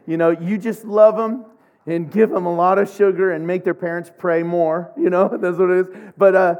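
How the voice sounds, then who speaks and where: A middle-aged man from Oklahoma preaching a sermon, telling humorous, animated stories. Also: sits high, normal speed, lo-fi sound. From Oklahoma, USA. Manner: humorous, animated storytelling with laughs.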